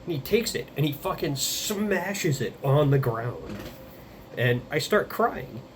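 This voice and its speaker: A man's voice: a little high, very animated, a little hiss or hum. Rambling man in his thirties. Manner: rambling, halting, many fillers and restarts; blunt, swears casually. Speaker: vlogger. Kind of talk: casual confessional monologue.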